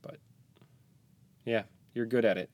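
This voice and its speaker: A man who is a parent, talking as a guest on a podcast in a small closet, tired, soft-spoken and halting, with joking asides. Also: medium pitch, steady tone. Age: young adult to middle-aged, a parent. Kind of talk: casual podcast chat.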